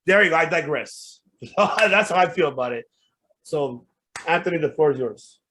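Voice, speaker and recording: A man's voice: a little high, expressive, normal speed, pushed and bright, slight background noise. A man hosting a podcast, ranting with heated, profane outbursts. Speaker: podcast host. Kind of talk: casual podcast rant.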